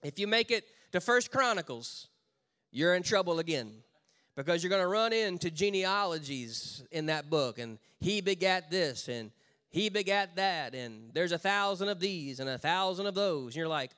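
A high-pitched man preaching a sermon to his congregation. He moves between loud, rousing calls and low, slow, drawn-out emphasis. He slips into casual, joking asides along the way. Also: lively intonation, clear, resonant tone. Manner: conversational asides with humor. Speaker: pastor.

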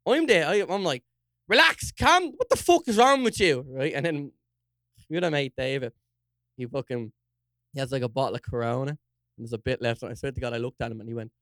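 A young man with a Dublin accent, co-hosting a podcast, telling a story in an animated way, swearing and acting out quotes. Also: medium pitch, fast, long pauses, dry recording, studio quality. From Ireland. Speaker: podcast co-host. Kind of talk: casual storytelling chat.

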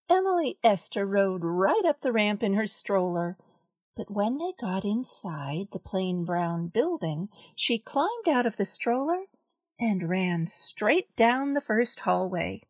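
A woman reading a children's story aloud, carefully and clearly. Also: on the high side, a little mellow, dry recording, studio quality.

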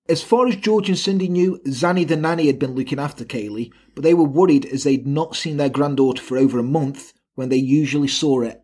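A man's voice: a little high, a little mellow. A man hosting a casual true-crime podcast, telling the story in an irreverent, jokey way. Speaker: podcast host.

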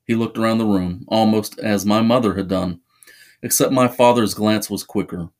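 A man narrating a first-person horror story in a measured, suspenseful way. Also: fairly low pitch, fairly even intonation, a little mellow.

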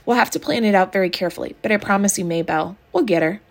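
A clever ten-year-old girl who soothes and reasons in a calm, persuasive voice, as a woman narrator gives her lines. She is steady, bright and gentle with a younger child. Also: mid-range voice, rapid-fire, creaky. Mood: soothing.

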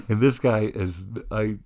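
A man's voice: on the low side, slow, darkish tone. A man co-hosting a casual podcast, telling a rambling story and laughing often as he talks. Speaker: podcast co-host. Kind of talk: casual chat.

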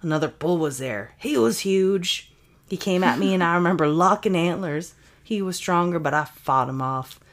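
A woman reads the part of a young man cursed to become a moose, sheepish and tender, pleading his love in an earnest tone. The voice sits very low for a woman, deep and steady. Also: normal speed.

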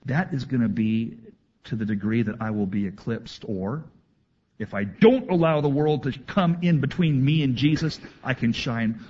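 A man preaching a sermon to his congregation, reading scripture aloud and adding animated asides. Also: mid-range voice, moderate pace, husky, lo-fi sound. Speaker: pastor.

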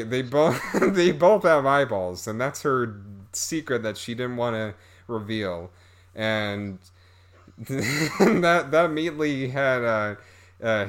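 A man rambles through a casual movie review at an unhurried pace. He is sarcastic and disbelieving, and his sentences break into fillers and restarts. His pitch sits in an ordinary middle range. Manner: rambling, sarcastic, laughs often.

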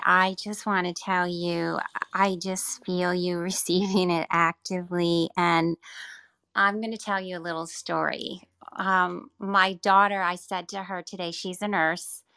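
Brief: woman co-host, lowish gravelly voice, bright and forceful, earnest storyteller. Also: flat delivery, unhurried, dry recording. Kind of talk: personal storytelling in conversation.

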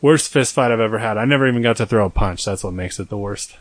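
Talking fast in a fairly low voice, a young man co-hosting a podcast rambles through a long story at his own expense, imitating the voices of people he quotes. The recording has no room sound, and the chat stays casual.

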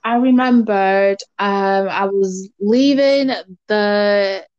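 A young woman co-hosting a podcast, telling a story in casual chat, full of fillers, and acting out other people's lines in lively voices. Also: mid-range voice, extremely slow, clean tone, dry recording, muffled recording. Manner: animated, acts out quoted voices, lots of fillers.

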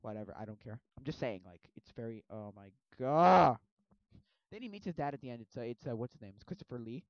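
Rambling young man, lively voice. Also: medium pitch, rapid-fire, few pauses, no room sound. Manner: rambling and animated, acting out scenes. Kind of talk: casual chat. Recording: dull lo-fi sound.

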